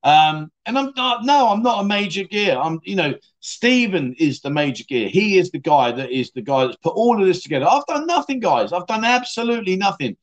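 A middle-aged man from the United Kingdom hosts a casual livestream, reading viewer comments with cheeky, self-mocking humour and frequent laughs. His voice sits high and sing-song, and he talks briskly with few pauses.

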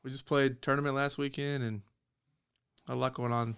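This podcast co-host is a bright, smooth-voiced, chatty man of medium pitch who speaks at normal speed. In casual conversation he tells stories animatedly and acts out the quotes.

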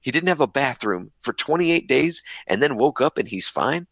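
A man's voice: medium pitch, animated, normal speed, gravelly, a bit bright, no echo. A man co-hosting a podcast, chatting casually about films and trailing off with ums and uhs. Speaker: podcast co-host. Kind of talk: casual movie discussion.

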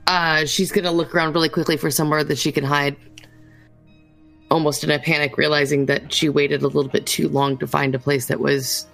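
Woman player in a tabletop game, low gravelly voice, halting, faint music behind. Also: little pitch movement, a bit bright. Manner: hesitant, halting, emotional in character. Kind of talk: tabletop role-play with in-character lines.

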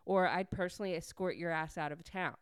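Woman doing a big brooding man, demanding, curt, commanding, smooth, dry sound. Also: fairly low pitch, a little fast, no room sound, close to an everyday voice.

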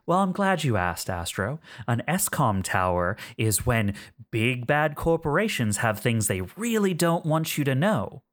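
A man's voice: mid-range voice, big pitch swings, a little slow. A man voicing a smug masked woman intelligence officer who teases and drags out suspense, with hesitant fillers. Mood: teasing.

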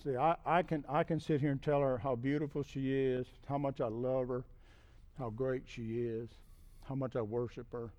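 A middle-aged man preaching a conversational sermon as a guest speaker, often checking in with "okay?" and building to emphatic, loud peaks. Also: medium pitch, steady tone, moderate pace, lo-fi sound. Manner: repeats "okay?" to check in with listeners.

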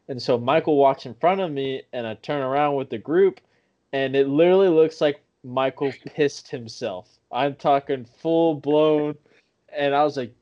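Young adult male storyteller, profane and rambling, mid pitch, muffled lo-fi recording. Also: moderate pace, darkish tone. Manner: profane, rambling, self-correcting. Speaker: podcast guest. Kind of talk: casual storytelling. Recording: dull lo-fi sound.

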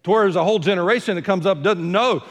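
Older pastor preaching, echoing hall. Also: male voice, sits high, quick pace. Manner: conversational, joking asides, repeats words when starting. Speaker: senior pastor. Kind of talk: sermon. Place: church sanctuary.

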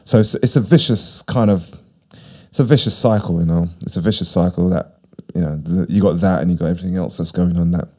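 A man's voice: sits low, a little fast, mellow. A middle-aged man, a podcast guest talking casually, rambling and repeating himself with emphasis. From United Kingdom. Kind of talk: casual conversation.

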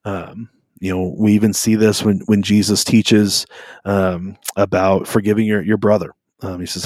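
Low-voiced man in casual faith podcast chat. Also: normal speed, no echo, studio quality. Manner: relaxed, rambling, many "um" fillers. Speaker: podcast co-host. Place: at home on a video call.

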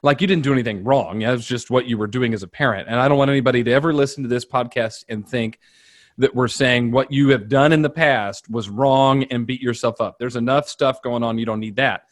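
A man's voice: medium pitch, a little fast. A middle-aged man hosting a podcast interview, chatting easily and sharing stories about his daughter in a reassuring way. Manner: conversational, shares personal anecdotes, reassuring. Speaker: podcast host.

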